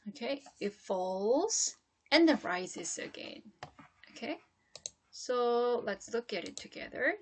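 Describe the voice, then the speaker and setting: A woman teaching English intonation in a lecture, explaining step by step and checking in often. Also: fairly high pitch. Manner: explains slowly, with frequent "okay?" checks.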